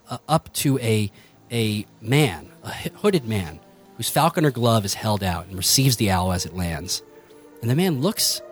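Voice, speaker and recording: A man narrating a tabletop game as game master, rambling with many fillers and frequent laughs. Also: mid-range voice.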